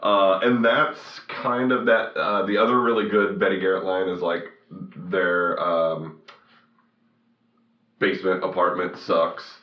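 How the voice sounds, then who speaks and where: A man's voice: low voice, little pitch movement, measured pace. A man co-hosting a podcast, recapping a film in rambling casual chat, full of fillers and restarts. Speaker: podcast co-host. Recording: roomy, dull lo-fi sound.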